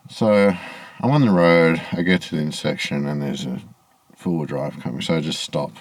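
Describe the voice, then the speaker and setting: Speaking at an extremely low pitch and normal speed, this man's voice is slightly rough with no echo. He's vlogging outside in the dim evening, venting a meandering, resentful story to camera with plenty of swearing.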